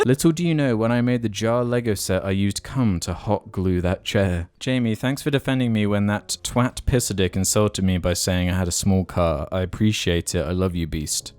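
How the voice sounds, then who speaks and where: A man reads patron shout-outs on a podcast in a quick deadpan way. His voice sits low and sounds smooth and full. The mic is close and the sound is dry. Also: dry recording. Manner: rapid deadpan reading of absurd lines, frequent laughs. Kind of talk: casual podcast banter.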